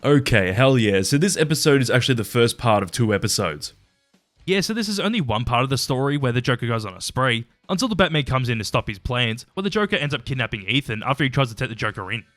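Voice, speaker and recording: A man racing through a casual review with a lively, swooping delivery. He is chatty and opinionated and tosses in a mild curse now and then. His voice is close and dry, with soft music underneath. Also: medium pitch, fast, no room sound. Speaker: YouTube episode reviewer. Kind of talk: casual commentary ranking episodes.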